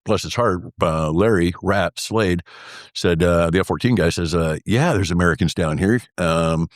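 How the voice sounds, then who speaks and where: Older male guest, low voice, rambling storyteller, dry close sound. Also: normal speed, no room sound. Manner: rambling, full of fillers like "uh" and "anyway"; acts out remembered dialogue. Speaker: former military pilot telling his story as guest. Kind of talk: conversational storytelling interview.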